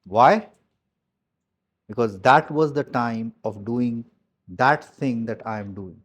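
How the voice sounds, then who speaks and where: Taking it slowly, a man with a mid-range voice addresses his team as their business coach in a motivational talk. He drives his points home emphatically and bluntly, repeating key phrases, with some mild swearing mixed in.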